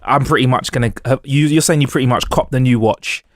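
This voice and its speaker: A man's voice: medium pitch, a little fast, no echo, studio quality. Laid-back young man, podcast co-host. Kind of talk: casual chat.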